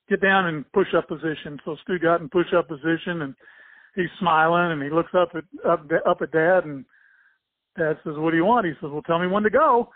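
An older man recalls his childhood with a halting, rambling delivery, stopping and restarting his sentences. His voice sits a little high for a man. The sound is thin and tinny like a phone line, and completely dry with no room around it. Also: dry recording. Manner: halting and rambling, many restarts, chuckles as he tells. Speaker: interviewee, former swimmer and coach. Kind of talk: casual spoken recollection.

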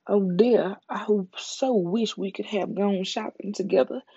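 A reader with a Southern US accent voicing a condescending, worldly young film starlet in a soft ASMR story reading, with airy, drawn-out phrasing. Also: medium pitch, gravelly, slightly rough, no room sound. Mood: patronizing. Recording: dull lo-fi recording.

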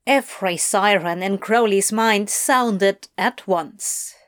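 A woman narrating fiction in an audiobook, reading in a measured, expressive way. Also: mid-range voice.

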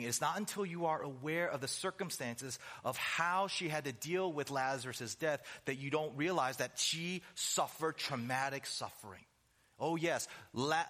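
Male preacher, bright and forceful, emphatic sermon delivery with chatty asides. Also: medium pitch. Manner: emphatic, rhetorical questions, slows down for stress; conversational asides.

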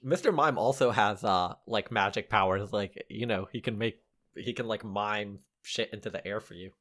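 A man's voice: lowish voice, moderate pace, a bit bright. A man co-hosting a podcast, chatting casually with a joking, playful manner and frequent laughs. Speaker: podcast co-host. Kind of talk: casual comedic chat.

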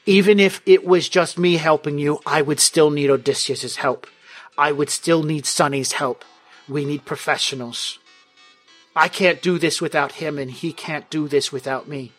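Blunt mob boss man, played by a man, mocking pet names, calm menace, tabletop game voice. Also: on the high side, moderate pace, soft background music, lightly acted.

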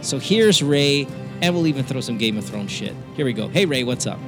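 A man's voice: mid-range voice, expressive, fairly quick, over music. A man with a Western, almost Americanized accent, hosting a podcast in casual, profane, argumentative chat with many stammered restarts. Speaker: podcast host.

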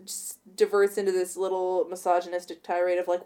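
A woman's voice: fairly low pitch, little pitch movement, brisk, mellow. A woman co-hosting a casual chat, recapping a film and acting out its characters in exaggerated voices, swearing freely. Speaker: podcast co-host.

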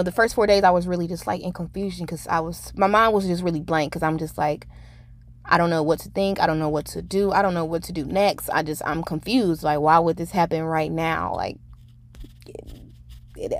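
A young woman in her twenties hosting her own podcast, talking in a rambling, candid way with lots of fillers and some swearing. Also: on the low side. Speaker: podcast host. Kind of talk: casual solo podcast monologue.

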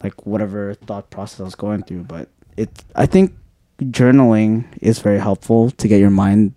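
A man's voice: on the low side, normal speed, warm tone, no room sound. A young man, co-hosting a podcast in an earnest, encouraging way, full of "like". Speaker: podcast co-host. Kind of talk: casual chat.

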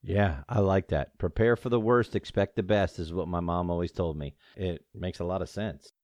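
A man's voice: deep voice, normal speed, darkish tone, no room sound. A man hosting a podcast, talking in an upbeat, encouraging and folksy way. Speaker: podcast host. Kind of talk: motivational interview chat.

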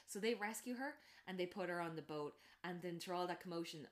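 A woman's voice: quick pace, hardly any pauses. A woman chatting casually, retelling a film plot and acting out the characters' lines, with lots of fillers. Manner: animated storytelling, acts out characters' lines in a raised pitch; many fillers and restarts.

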